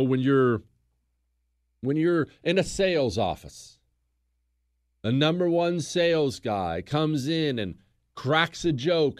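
A man hosting a history talk show, telling the story in a casual, animated way on a close studio mic. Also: medium pitch, dry recording. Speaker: host.

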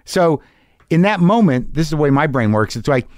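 A man's voice: a little high, very animated, normal speed, no room sound, clean studio sound. A middle-aged man from New Jersey hosting a podcast, telling a rambling, profane, self-mocking comic story in an anxious rush. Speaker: podcast host.

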